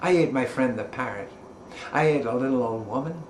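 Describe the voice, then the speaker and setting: A man's voice: mid-range voice, fairly quick, a little hiss or hum, lightly acted. A man voicing a boastful, greedy male cat in a storybook tale, in a smug, bragging manner. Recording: roomy echo.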